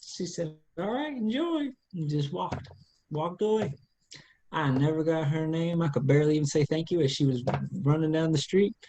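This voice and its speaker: A podcast co-host from central Pennsylvania, telling stories in relaxed, rambling casual chat. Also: male voice, a little high, normal speed.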